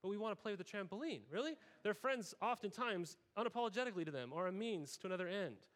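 Talkative pastor with a higher voice. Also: male voice, lively intonation, fast, a bit bright. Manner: conversational, frequent "right?" tags, acts out quoted voices. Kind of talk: sermon.

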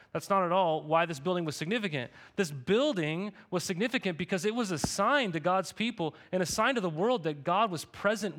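A male pastor delivering a sermon in a relaxed, conversational manner. His voice sits a little higher than most men's. He keeps drawing the congregation in with quick rhetorical questions. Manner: conversational, repeats "right?" to the congregation.

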